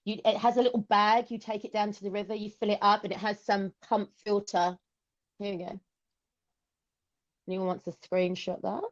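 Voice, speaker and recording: A woman's voice: mid-range voice, level tone, normal speed, highs cut off. A woman from England with an English accent, a podcast guest chatting casually and explaining things with lots of "okay" and "um".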